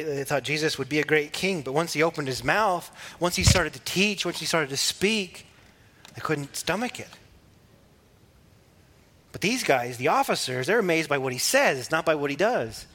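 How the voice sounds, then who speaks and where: This Bible teaching comes from a man whose voice is fairly high. He preaches in an easygoing, chatty way, with little laughs and occasional restarts.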